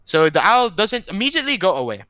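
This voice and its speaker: A man narrates as game master in a casual tabletop session. His voice is bright and smooth, swinging widely in pitch as he thinks aloud and hesitates over rules. The sound is dry and close. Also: very animated, quick pace, dry recording.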